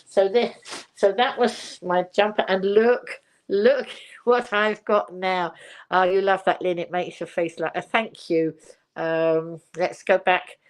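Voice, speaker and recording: A woman's voice: fairly low pitch, steady tone, a little slow. An older woman from England hosting a casual live chat at home, rambling cheerfully, laughing often and reading viewer comments aloud. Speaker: livestream host.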